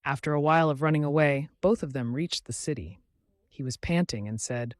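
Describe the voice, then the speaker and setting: A man's voice: fairly high pitch, a little fast, no echo. A man narrating a comic story recap in a scripted storytelling style.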